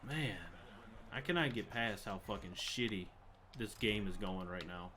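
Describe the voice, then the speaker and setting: A man's voice: lowish voice, animated, unhurried, sharp tone. Frustrated young man ranting over gameplay. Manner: frustrated, swearing, ranting at the game. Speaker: gaming channel host. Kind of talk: live gameplay commentary.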